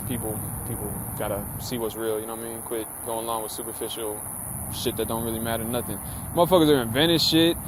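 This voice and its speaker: Man ranting over street noise. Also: medium pitch. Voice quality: profane, slangy, rambling. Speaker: vlogger. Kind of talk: casual rant to camera.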